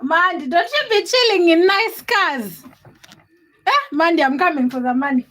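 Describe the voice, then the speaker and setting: A woman's voice: extremely high pitch, expressive, moderate pace, a bit bright. A young woman, hosting a casual livestream and chatting with viewers by name in a giggly, teasing way. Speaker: livestream host. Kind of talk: casual livestream chat reading comments.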